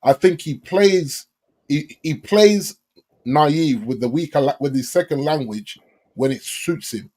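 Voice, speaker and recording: Animated man with a fairly high voice. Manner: animated, stammers into quick bursts. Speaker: podcast co-host. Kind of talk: casual football chat.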